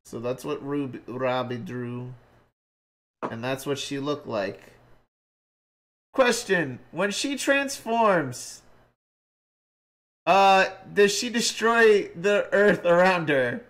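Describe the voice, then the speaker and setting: A man's voice: a little high, expressive, slow pace, pauses often, a bit bright. A man chatting casually with friends on a stream, telling rambling stories full of fillers. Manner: rambling storyteller, many fillers, mimics voices. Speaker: co-host.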